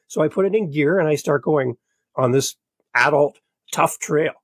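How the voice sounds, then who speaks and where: A middle-aged man with a slightly raised pitch and a husky, breathy edge tells a story in an animated, earnest way. His voice is recorded close and dry, with no room sound. He talks like a motivated podcast guest. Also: normal speed, no echo. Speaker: podcast guest and show host. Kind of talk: conversational storytelling.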